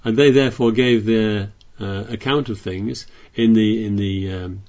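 A man's voice: fairly low pitch, fairly even intonation, a little slow, a little mellow. Guy giving a sermon, reads verses then chats through them, a bit lo-fi sounding. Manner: reads scripture aloud then explains it conversationally, with frequent restarts. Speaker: preacher.

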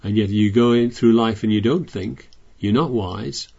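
A man's voice: lowish voice, moderate pace, creaky, a little mellow, husky, highs cut off. A man preaching a sermon, reading scripture aloud and explaining it in a chatty way with frequent restarts.

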